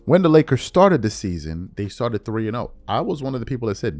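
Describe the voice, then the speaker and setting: A man's voice: mid-range voice, fairly quick, faint music behind. A man hosting a podcast, delivering a heated, confrontational sports commentary rant and calling his listeners out. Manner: animated, confrontational, mocking, calls listeners out. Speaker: podcast host.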